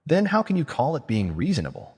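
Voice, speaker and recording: A man doing a probing, sharp-questioning mage. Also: a little high, huge pitch swings, brisk, husky, long reverb tail, pitched above the performer's own voice, full character voice.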